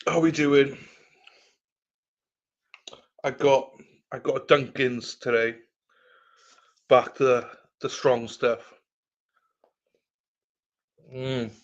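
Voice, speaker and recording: Drawing out his words and leaving long pauses, this livestream host speaks with a steady tone in a mid-range voice. Over slightly muffled lo-fi audio, he rambles through a casual chat, cursing freely and calling out viewers by name.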